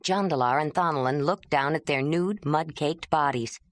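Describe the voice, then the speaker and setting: A woman narrating an audiobook with expressive scripted delivery. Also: low-pitched, normal speed, dry recording, studio quality.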